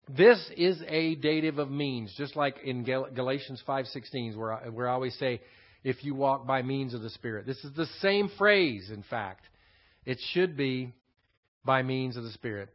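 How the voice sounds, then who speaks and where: A man with a Texan accent teaching a Bible passage as a pastor. He explains the Greek words and repeats his key phrases. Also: on the high side. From Texas. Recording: dull lo-fi sermon recording.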